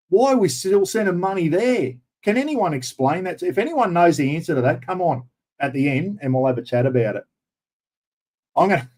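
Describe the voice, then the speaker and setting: A man's voice: fairly high pitch, a little mellow. Sweary, indignant Australian man. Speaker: livestream host. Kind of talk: livestream political rant.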